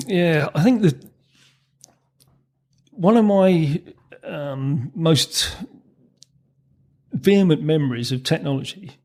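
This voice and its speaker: A man's voice: a little high, lively intonation, slow pace, vocal fry, long pauses, darkish tone. A man, a former racing mechanic telling anecdotes as a podcast guest, chuckling through his stories with frequent ums and restarts. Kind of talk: storytelling in a podcast interview.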